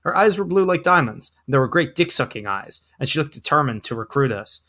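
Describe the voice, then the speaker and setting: A man's voice: mid-range voice, expressive, fairly quick, few pauses, sharp tone. A man co-hosting a podcast, bantering playfully and reading a text aloud with mock drama. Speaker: podcast co-host.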